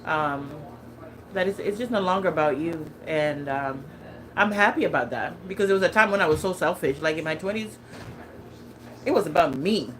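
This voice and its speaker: Chatty lower-voiced woman vlogger. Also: normal speed, a bit bright, poor audio. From California. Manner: chatty, laughs often, many fillers and restarts. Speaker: lifestyle vlogger. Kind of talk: casual chat.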